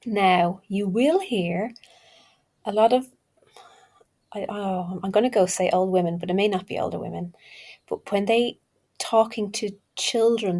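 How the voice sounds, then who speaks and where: A woman's voice: mid-range voice, warm tone, breathy edge. A woman hosting a casual video lesson, chatty and self-deprecating, thinking aloud as she goes. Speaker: language learner teaching Turkish.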